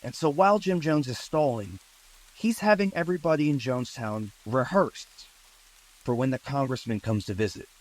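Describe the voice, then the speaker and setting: A man narrating a true-crime story in a relaxed, conversational way, with asides and fillers. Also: medium pitch, normal speed, low-quality recording.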